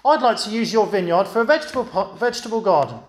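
Preacher doing a whiny grasping king, pitched up, echoey church. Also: animated, fast talker. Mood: persuasive. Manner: pleading, petulant. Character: covetous sulking king, grown man, whiny.

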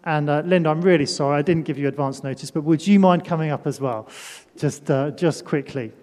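Playful high-voiced preacher in a hall. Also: male voice, fairly quick, a little mellow. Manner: playful, self-deprecating, calls out volunteers. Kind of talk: sermon with a children's demonstration. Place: church hall. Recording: echoey church hall.

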